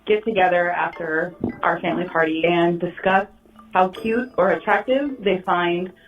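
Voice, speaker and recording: A woman's voice: on the low side, fairly even intonation, moderate pace, soft background music. A woman leaving a voicemail, telling a confession in a plain, slightly hesitant way. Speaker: voicemail caller. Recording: dull distant voicemail audio.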